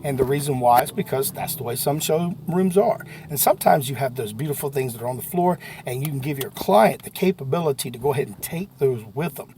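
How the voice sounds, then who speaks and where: Animated, gravelly-voiced man. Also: medium pitch, slight background noise. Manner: folksy and animated, jumps to sudden shouts. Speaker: sales trainer. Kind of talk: motivational sales talk to camera.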